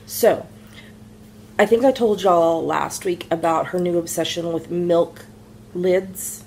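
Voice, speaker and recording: Low gravelly woman chatting. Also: steady tone, slow, a little mellow, slight background noise. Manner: chatty, rambling storyteller with many fillers. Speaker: podcast co-host, mother. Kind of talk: casual chat about knitting.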